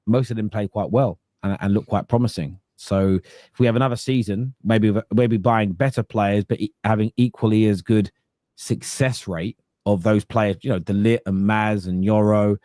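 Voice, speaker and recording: A man's voice: on the low side, fairly even intonation, normal speed, dark tone, no room sound, studio quality. A man hosting a casual football podcast, arguing emphatically and stumbling over repeated words as he starts sentences. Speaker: podcast host, fan pundit.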